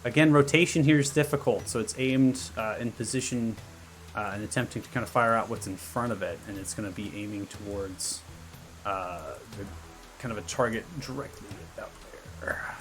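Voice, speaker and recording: A man narrating a tabletop battle as game master, measured and full of fillers. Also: on the low side, over music.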